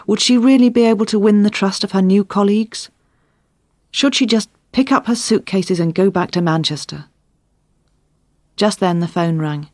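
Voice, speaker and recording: A woman reading a crime story aloud in a clear, measured narration for learners. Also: medium pitch, a little mellow, no echo, clean studio sound. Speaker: audiobook narrator. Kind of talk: scripted narration.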